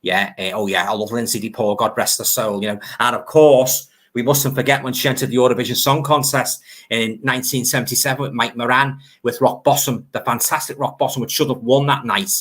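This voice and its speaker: A man's voice: medium pitch, fairly even intonation, brisk, a bit bright. An older man, hosting a live stream in a chatty, nostalgic way, reading out viewer comments and laughing easily.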